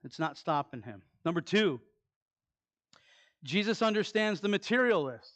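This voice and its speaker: Animated pastor, man, higher voice. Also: normal speed. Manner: animated, asks the congregation questions, drops to soft asides. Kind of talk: conversational sermon. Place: church sanctuary.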